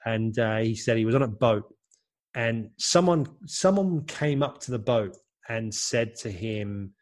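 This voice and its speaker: A man's voice: mid-range voice, measured pace. A former footballer recalling stories in casual chat, rambling and correcting himself as he goes. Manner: rambling, self-correcting anecdotes.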